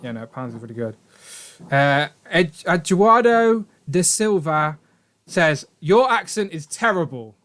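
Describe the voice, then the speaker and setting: A young man hosting a casual live stream, upbeat and animated as he reads out viewer comments. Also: fairly high pitch, unhurried. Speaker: show host.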